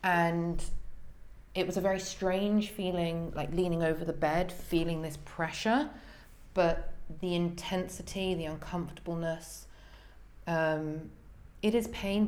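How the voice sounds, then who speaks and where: Brief: woman, lowish voice, animated storyteller, voices the people she quotes. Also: measured pace. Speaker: podcast guest. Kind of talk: personal storytelling in an interview.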